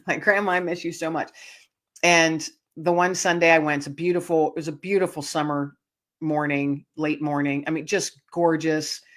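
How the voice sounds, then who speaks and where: A woman guest telling a personal story in an interview, animated, laughing often, with frequent restarts and fillers. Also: low voice, normal speed. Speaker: guest author.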